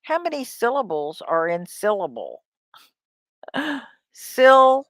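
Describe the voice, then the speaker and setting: A woman teaching an English lesson on a live stream, drilling words slowly and cheering on her students. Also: lowish voice, very animated, dry recording, studio quality. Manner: slow, drawn-out word drills; upbeat, encouraging. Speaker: ESL teacher.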